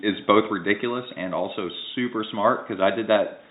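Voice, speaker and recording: A man's voice: fairly low pitch, a little fast. A man who coaches triathlon and hosts the show, chatting casually and joking at home. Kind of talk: casual chat. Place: home in a suburban neighborhood. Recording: echoey, phone-like lo-fi audio.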